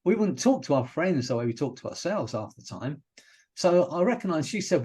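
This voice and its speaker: A British hypnotherapist telling stories in a relaxed, rambling way, often restarting his sentences as a podcast guest. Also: a little high, fairly quick, husky. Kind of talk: casual interview chat.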